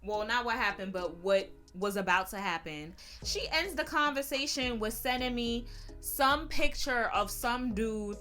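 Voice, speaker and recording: A woman, telling a sassy, animated storytime vlog. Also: on the high side. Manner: sassy, animated, quick-witted. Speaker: YouTuber. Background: background music.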